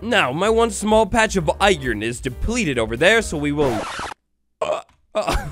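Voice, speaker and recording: A young man with a high, very lively voice narrates his gameplay in quick bursts of excitement and theatrical mock outrage. He talks close to the mic, with faint music playing behind him. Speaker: gaming YouTuber. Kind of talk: Minecraft let's play commentary.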